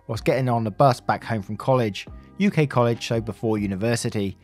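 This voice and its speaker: A man narrating online stories for his channel in a middle pitch, breaking off for casual, chatty asides to viewers. Quiet music runs faintly under his voice. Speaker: story narrator. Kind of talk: reading online stories aloud.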